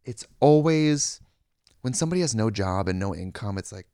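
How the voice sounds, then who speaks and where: A man's voice: lowish voice, lively intonation, moderate pace, warm tone, no room sound, clean studio sound. A man co-hosting a podcast, chatting casually and rambling, now and then slipping into put-on voices. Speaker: podcast co-host. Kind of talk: casual comedic chat.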